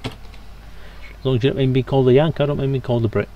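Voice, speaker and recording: A man's voice: medium pitch, fairly even intonation, fast talker, mellow, lo-fi sound, slight background noise. A British man from Scotland, streaming a game and chatting casually with his viewers as he plays. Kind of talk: casual live-stream gaming commentary.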